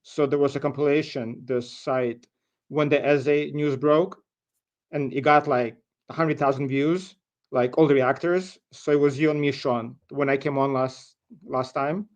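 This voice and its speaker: A man's voice: medium pitch, fairly even intonation, unhurried. A man from Ukraine with a Ukrainian accent, a guest chatting casually and joking. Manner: chatty, joking, loose storytelling. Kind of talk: casual chat.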